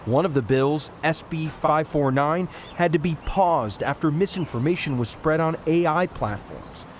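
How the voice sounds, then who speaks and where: Tv news guy reading his report, kinda high voice, faint hum behind. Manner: measured, formal news delivery.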